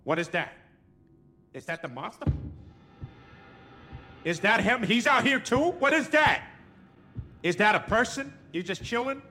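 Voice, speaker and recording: A young man giving loud, profane, panicky commentary while playing a horror game. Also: high voice, big pitch swings, measured pace, pauses often, a little hiss or hum. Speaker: gamer streamer.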